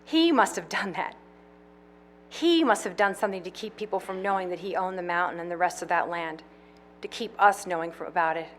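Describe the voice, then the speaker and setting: A woman's voice: lowish voice, a little fast, a little hiss or hum, lightly acted. A woman reading the part of a scheming, domineering woman in a play, bossy and insistent. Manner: bossy, insistent, rising to shouts.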